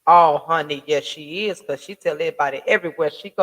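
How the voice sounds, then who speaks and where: A man with a fairly high voice hosts a casual commentary vlog from a home desk mic. He rants in slangy, profane street talk, firing off rhetorical questions. He stumbles into frequent restarts as he talks. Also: fast, a bit bright. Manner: emphatic, ranting rhetorical questions. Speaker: online commentary host. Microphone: home desk mic with soundboard.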